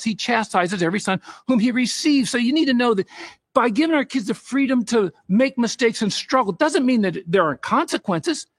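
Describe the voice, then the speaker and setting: A man's voice: high-pitched, no room sound, clean studio sound. A middle-aged man giving a faith-based parenting talk, telling family stories and quoting scripture. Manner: storytelling with scripture quotes, animated. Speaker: speaker on parenting.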